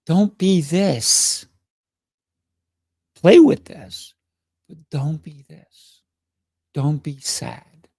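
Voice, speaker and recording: A middle-aged man hosting a motivational livestream, playful and excitable, often laughing as he talks. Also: on the high side, gravelly, no room sound, clean studio sound. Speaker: livestream host.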